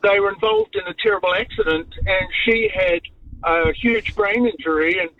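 A man's voice: sits high, big pitch swings, normal speed. A man calling in to a radio show and talking in an enthusiastic, rambling way, heard over a dull, distant phone line. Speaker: caller. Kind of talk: phone-in chat.

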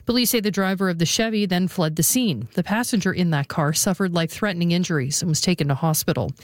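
A woman's voice: fairly low pitch, no echo. A woman reading a formal radio newscast as the newsreader. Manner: measured, formal delivery.

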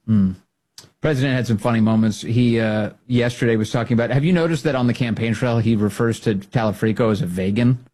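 A man's voice: medium pitch, a little mellow. A man hosting a political podcast, talking casually and mockingly with frequent laughs. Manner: mocking, laughs often, quick asides.

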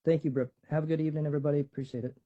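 A man's voice: fairly high pitch, steady tone, rapid-fire. A man from a fisheries management team giving brief, casual announcements with frequent fillers on a call. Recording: dull lo-fi call audio.

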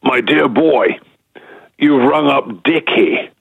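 Man doing a booming elderly thespian on the phone; grand, theatrical, husky over a tinny line. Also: slow pace, no echo, exaggerated voice. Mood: grandly amused.

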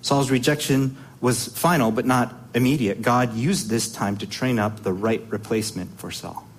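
A man's voice: mid-range voice, moderate pace, breathy edge. Emphatic man preaching a sermon. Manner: emphatic, rhetorical questions, repeats words while restarting.

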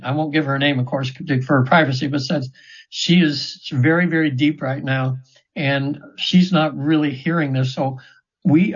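Husky-voiced man in his seventies. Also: fairly high pitch. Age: 70s. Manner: earnest, rambling, with frequent restarts. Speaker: interview guest, trance session practitioner. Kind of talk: casual storytelling in an interview. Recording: dull, slightly lo-fi audio.

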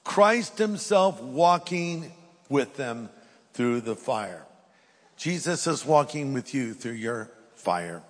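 A man's voice: medium pitch, big-room sound. A middle-aged man preaching a sermon, reading scripture aloud and then pressing his points with emphasis. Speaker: pastor.

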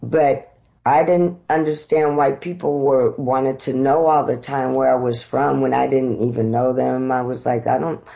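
A middle-aged woman from the United States, an actress being interviewed, telling lively stories and laughing often. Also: a bass voice, measured pace, gravelly, poor audio. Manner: animated storyteller, laughs often. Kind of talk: conversational interview storytelling.

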